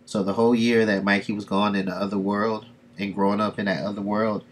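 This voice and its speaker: A man reading comics on a live stream, summarizing the plot in a loose, rambling way full of fillers. His voice sits low. A faint hiss of noise runs underneath. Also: little pitch movement, fairly quick. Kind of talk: casual live-stream commentary.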